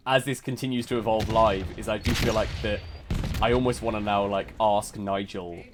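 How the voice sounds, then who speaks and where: A British man hosting a live gaming stream, chatty and excitable, laughing often. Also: fairly low pitch, moderate pace, background noise. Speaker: stream host. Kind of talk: casual chat while gaming.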